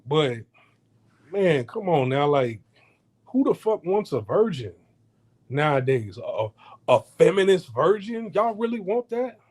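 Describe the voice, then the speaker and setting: A man's voice: a little high, sing-song, a little slow, darkish tone, slightly rough. A man ranting in a casual, heated monologue, swearing often and stumbling over repeated words. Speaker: podcast host. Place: home in Houston.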